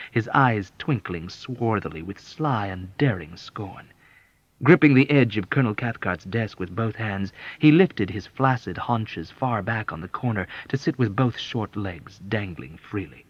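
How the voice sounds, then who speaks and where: A man narrating an unabridged audiobook in a measured, expressive storytelling manner. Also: lowish voice, no echo. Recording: dull, dry lo-fi audiobook.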